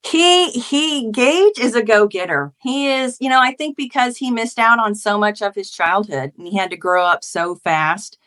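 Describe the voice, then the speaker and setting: Heartfelt woman in her 40s telling her story, kinda high voice, acts out arguments with her kid. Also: normal speed, few pauses, fairly bright tone. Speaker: guest, author and mother. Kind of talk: emotional conversational interview.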